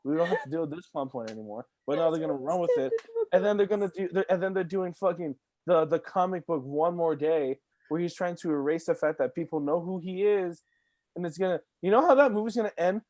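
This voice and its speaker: A man on a podcast, ranting heatedly and swearing, with shouted outbursts. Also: high voice, brisk, dry recording. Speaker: podcast guest. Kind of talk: casual ranting chat.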